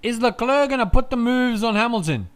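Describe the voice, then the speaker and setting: A man calling a race live in a casual, chatty way, swearing freely as he goes. His voice sits high and sounds smooth and clean. He moves from relaxed chatter to loud, excited calls. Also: fairly quick. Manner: chatty, swears, swings from laid-back to shouting. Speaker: fan race commentator.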